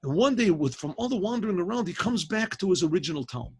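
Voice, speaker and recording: Husky-voiced rabbi telling a story. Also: male voice, sits high, quick pace. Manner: animated teller, frequent throat clearing and restarts. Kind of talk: spoken storytelling to a class. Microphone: video call.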